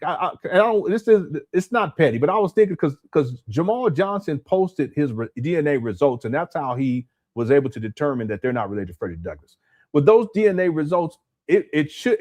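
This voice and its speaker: The host of a commentary channel runs a casual live stream from a hot room at home, rambling and repeating his words as he talks to his chat. His voice is on the high side with a darkish tone.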